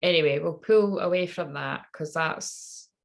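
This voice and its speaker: Low gravelly woman rambling. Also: a little slow. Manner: candid, swearing, trailing off. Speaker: tarot reader. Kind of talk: rambling personal monologue.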